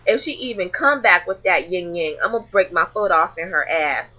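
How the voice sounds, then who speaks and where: A young woman vlogging, telling a story to camera in a blunt, animated, profane way. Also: fairly low pitch, normal speed, lo-fi sound.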